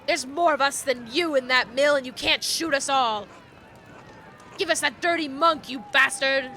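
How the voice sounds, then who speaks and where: A woman's voice: high voice, moderate pace, bright, forceful tone, slight background noise. A woman voicing an angry male peasant leader who speaks harshly and bitterly. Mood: furious.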